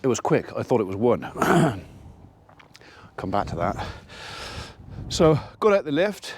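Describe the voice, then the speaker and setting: A man's voice: medium pitch, very animated, slow pace, slight background noise. A man, a farmer, chatting casually to camera as he tells a rambling story about his day. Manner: chatty, rambling anecdote with quoted dialogue. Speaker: farmer vlogger.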